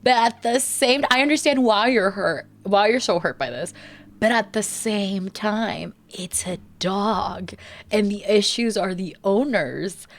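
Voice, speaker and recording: A young woman co-hosting a casual podcast as the older sister, animated and chatty, often acting out what others said. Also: medium pitch, measured pace. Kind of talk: casual chat.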